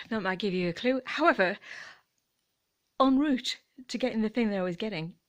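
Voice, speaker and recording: A woman's voice: fairly high pitch, expressive, fairly quick, highs cut off. Giggly, rambling British woman vlogger. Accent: British English. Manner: chatty, giggly, rambling, trails off mid-thought. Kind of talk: casual chat.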